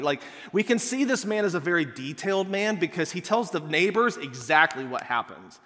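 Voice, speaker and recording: A man preaching a conversational sermon, casual and animated, acting out the people in the passage and saying "like" a lot. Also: high voice, brisk, hardly any pauses, long reverb tail. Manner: casual, animated, acts out quotes and says "like" a lot.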